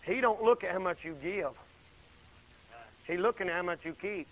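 A man preaching a folksy sermon, swinging from loud exclaiming to low murmured asides. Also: normal speed, muffled recording.

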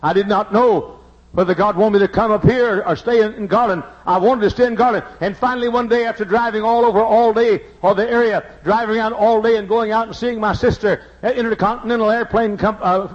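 High husky-voiced pastor from texas preaching in a big church, muffled lo-fi sermon tape. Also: male voice, fairly even intonation, brisk. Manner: swings from hushed confessions to shouted preaching. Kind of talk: emotional sermon storytelling. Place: large church sanctuary.

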